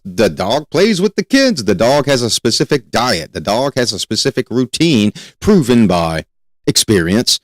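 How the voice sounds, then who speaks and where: Speaking on the low side, this man hosts a criminal justice lecture as an educator and show host, addressing students directly. He hammers home key points through repetition, asks rhetorical questions and talks emphatically, all captured in a dry recording.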